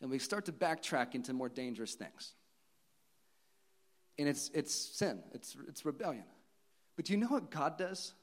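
A man in his thirties, a pastor, preaching a sermon in an earnest, personal storytelling manner with pauses and restarts. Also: fairly high pitch, lively intonation.

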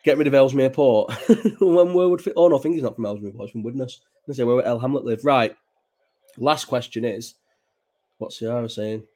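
It's night at home, a child is nearby, and a live stream host from Bolton, England is rambling and chatting, swearing freely through his casual chat. He talks briskly in a mid-range voice with a darkish tone.

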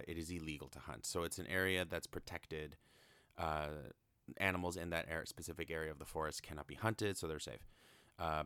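A man's voice: low voice, a bit bright, clean tone, dry recording. A young man casually recapping a film, chatty, with frequent swearing and lots of fillers.

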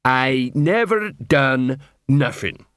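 A man doing a slow growling sullen troll. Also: medium pitch, animated, a bit bright, smooth, dry recording, studio quality. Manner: slow, growling, sulky mumble. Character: sullen hulking troll prisoner.

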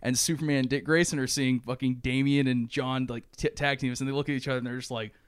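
Smooth-voiced man rambling through a plot. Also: mid-range voice, fast, no echo, studio quality. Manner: rambling, animated retelling with frequent swearing. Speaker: podcast co-host. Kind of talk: casual chat, pitching a movie plot.

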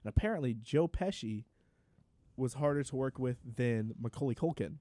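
A man co-hosting a podcast, talking in a relaxed, rambling way with fillers. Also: medium pitch, moderate pace, dry recording. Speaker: podcast co-host. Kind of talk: casual chat.

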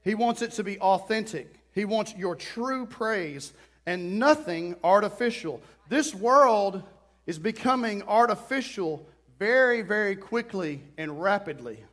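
Male preacher, high voice, middle-aged, animated storytelling, bursts of acted-out quotes. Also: measured pace. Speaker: pastor. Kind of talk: sermon.

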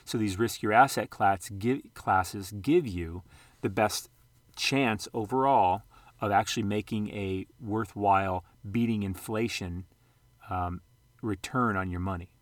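A man with a fairly low voice talks viewers through charts in a loose, rambling vlog style. He corrects himself often and throws in jokey asides. The sound is dry and close, with no room echo. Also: measured pace. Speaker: sports card and investing vlogger. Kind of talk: casual screen-share commentary.

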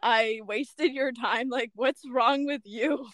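A young woman co-hosting a podcast, telling a story in casual chat, animated and full of "like" and "bruh". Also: fairly high pitch, takes it slowly, no echo, studio quality. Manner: animated storyteller, heavy use of "like" and "bruh", acts out quotes. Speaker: podcast co-host.

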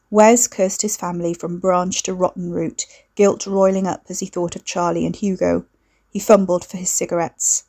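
Measured female audiobook narrator. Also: on the low side, fairly even intonation, vocal fry, warm tone. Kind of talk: scripted narration.

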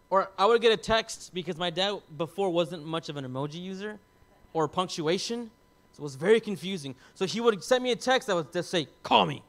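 A man in his thirties, a pastor, telling a personal story in a sermon, emotional and confessional, dropping to hushed tones and rising loud at times. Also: high-pitched, a little fast.

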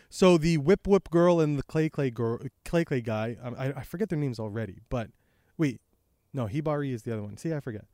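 A man's voice: medium pitch, lively intonation, a little fast, warm tone, dry recording, studio quality. A young man hosting a podcast, recapping a comic chapter in a rambling, laid-back way with lots of fillers, recorded outdoors by a creek on a microphone exposed to wind. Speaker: podcast host. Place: outdoors by a creek and tree line. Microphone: handheld microphone exposed to wind.

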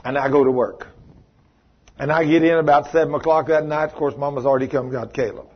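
Man, preacher, husky, fairly high voice, folksy animated storytelling, dull lo-fi recording. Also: quick pace. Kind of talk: storytelling sermon.

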